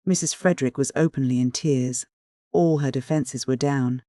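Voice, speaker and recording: An audiobook narrator reading a classic novel in a measured storytelling manner. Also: medium pitch, dark tone, dry recording, studio quality. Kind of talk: scripted narration.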